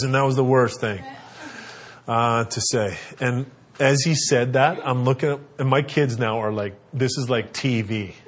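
A man in his thirties, a father, casually telling family stories and giving parenting advice, acting out his kids in high squeaky voices. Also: moderate pace. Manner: animated, acts out kids' voices in a high pitch.

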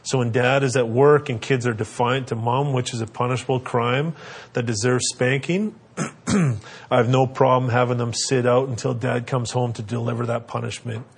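A man's voice: mid-range voice, fairly even intonation, moderate pace, creaky, slightly rough. A middle-aged man giving earnest, conversational parenting advice with frequent fillers. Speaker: parenting speaker. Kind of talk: instructional talk.

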